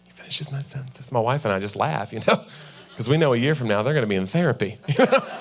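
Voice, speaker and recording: On a church stage in front of a live audience, a forties-aged man does stand-up in a mid-range, expressive voice at a fast clip. His delivery is conversational, and he acts out scenes featuring his wife and himself, voicing each.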